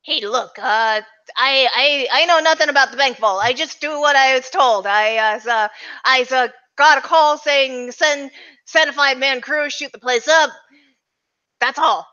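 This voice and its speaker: A woman's voice: high voice, pushed and bright, lo-fi sound. A woman voicing a nervous male mob accountant who stammers and pleads. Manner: stammering, pleading, fast-talking.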